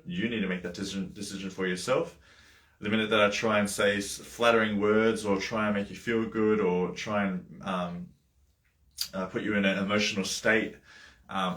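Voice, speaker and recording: A man with a deep, low voice talks through a Bible chapter on a livestream, drifting into coaching asides. He speaks casually, full of fillers and small self-corrections. The sound is roomy, with a noticeable echo. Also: fairly bright tone. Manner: loose and conversational, with many fillers, asides and small laughs. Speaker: life coach hosting a Bible study livestream.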